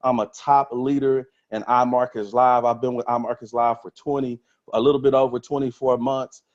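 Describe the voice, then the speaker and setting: A man giving an energetic motivational talk on a webinar, repeating phrases for emphasis. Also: mid-range voice, normal speed. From Texas. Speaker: motivational speaker on a trading webinar. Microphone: webinar call mic. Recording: slightly dull lo-fi webinar audio.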